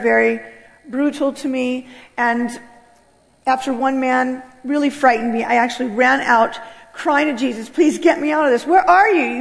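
A woman's voice: sits high, gravelly. A middle-aged American woman telling her life story as a personal testimony, earnest and swelling with emotion. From United States. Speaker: speaker giving a testimony. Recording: voice with long hall reverb.

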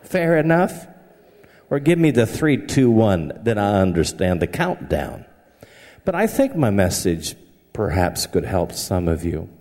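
Speaking a little slowly in a low-leaning, slightly mellow voice with big pitch swings, a Southern pastor from the US preaches with his accent. He tells humorous, folksy anecdotes, and the recording carries long hall reverb.

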